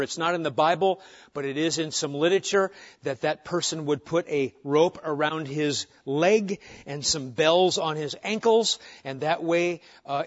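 A man preaching a sermon as pastor, asking his listeners question after question and moving between loud emphasis and soft pleading. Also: a little high. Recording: muffled lo-fi sound.

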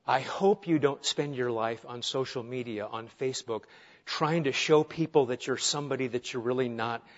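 A man's voice: medium pitch, moderate pace. Earnest preaching man, lo-fi sound. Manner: earnest, emphatic preaching with rhetorical questions. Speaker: pastor. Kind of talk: sermon. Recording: dull lo-fi sound.

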